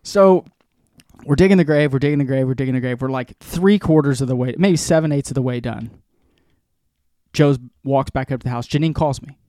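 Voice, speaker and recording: A man in his forties telling a long rambling story in casual chat, animated and profane, as a podcast co-host. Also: medium pitch, a little fast, no echo, studio quality.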